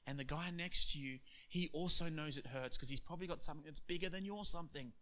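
Man preaching an animated sermon. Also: fairly high pitch, fast talker, hardly any pauses. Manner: animated storytelling, acting out dialogue. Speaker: pastor.

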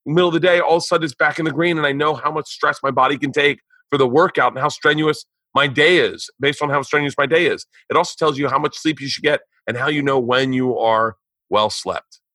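A man's voice: fairly high pitch, brisk, sharp tone, no echo. A man hosting a podcast, reading ads and chatting casually, loose and profane with stumbling restarts. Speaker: podcast host. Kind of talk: casual chat and read ads.

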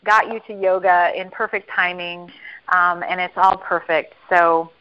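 A woman's voice: fairly low pitch, fairly even intonation, unhurried, smooth, muffled recording. A woman hosting a group video call, speaking earnestly about faith with many fillers.

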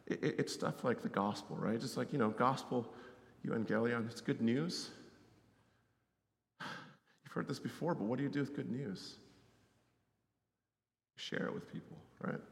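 A man preaching a sermon as a missionary, in a conversational way, often checking in with "right?" and swinging from loud to hushed. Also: on the low side. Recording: roomy hall reverb.

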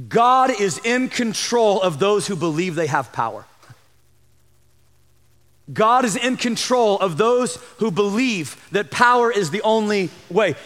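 Fervent high-voiced preacher in a reverberant hall. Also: male voice. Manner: fervent preaching, swings between loud emphasis and hushed asides. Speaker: pastor. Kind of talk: sermon.

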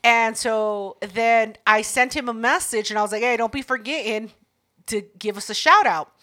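A young woman co-hosting a podcast, telling stories in a loud, profane, animated way. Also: a little high, moderate pace. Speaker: podcast co-host. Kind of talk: casual podcast chat.

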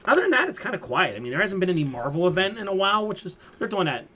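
A man's voice: sits high, very animated, rapid-fire, pushed and bright. A man hosting a casual pop culture podcast, retelling comic plots in a rambling way full of fillers. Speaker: podcast host. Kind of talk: casual chat.

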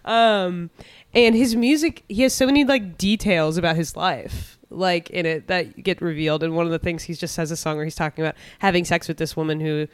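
Man, smooth resonant voice, animated podcast banter, dry sound. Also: fairly high pitch, no echo. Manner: animated, laughs a lot, quick reactions. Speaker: podcast co-host. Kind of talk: casual chat.

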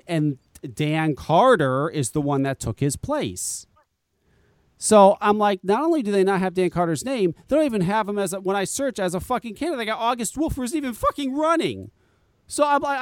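Man, podcast co-host, high voice, profane exasperated rant, dry sound. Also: dry recording. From Connecticut, US. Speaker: podcast co-host, vape shop owner. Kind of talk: casual podcast chat.

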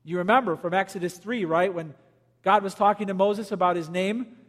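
A man preaching a sermon as pastor, swinging between loud emphasis and quiet, low lines. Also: fairly even intonation, brisk, big-room sound.

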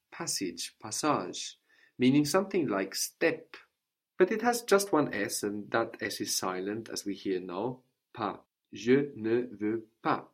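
A man teaching a French lesson, explaining patiently and repeating each phrase for his student. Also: lowish voice. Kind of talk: language lesson.

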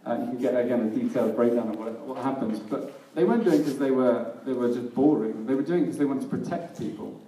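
A man's voice: mid-range voice, fast talker, hardly any pauses, mellow. A man preaching a sermon in a casual, self-deprecating way, often laughing at himself. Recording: echoey hall, mic at a distance.

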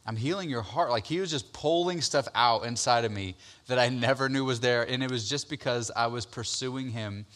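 Speaking at a moderate pace with a medium pitch and few pauses, a pastor in his thirties recounts his personal testimony conversationally. He leans on fillers and repeated words, becoming loud and excited while retelling what happened.

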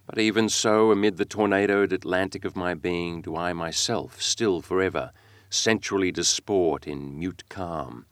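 A man narrating a classic novel in an expressive, dramatic reading that slows and speeds with the text. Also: deep voice, no room sound. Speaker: audiobook reader.

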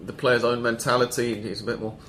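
A man's voice: medium pitch, flat delivery, a little fast, a bit bright, slight background noise. A man hosting a casual football podcast, rambling and correcting himself as he reels off stats. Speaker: podcast host.

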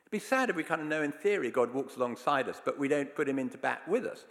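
A man's voice: on the high side, animated, quick pace, a bit bright. A man preaching a sermon, telling stories in an earnest, emphatic way. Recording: long hall reverb.

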